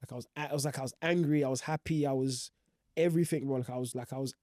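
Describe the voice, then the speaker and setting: A man's voice: medium pitch, steady tone, very fast, mellow, no echo, clean studio sound. A young man, recounting his football career in slangy, rambling casual talk full of fillers. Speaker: professional footballer guest. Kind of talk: casual storytelling.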